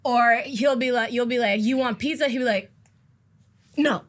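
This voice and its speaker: A woman co-hosting a comedy podcast, talking in a brash, profane, animated way and telling stories. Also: fairly high pitch, brisk. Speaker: podcast co-host. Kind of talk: casual comedic chat.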